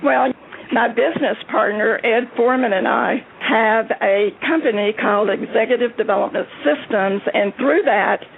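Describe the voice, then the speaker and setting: A woman's voice: a little high, normal speed, vocal fry. A woman speaking enthusiastically and encouragingly as a guest on a motivational panel. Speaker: panel guest, success coach. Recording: tinny phone-like sound with faint hiss.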